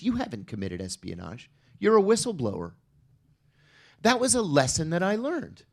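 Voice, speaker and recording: A middle-aged man speaking on a conference panel, telling a personal story with wry asides. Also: fairly high pitch. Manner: storytelling, wry, acts out quoted exchanges.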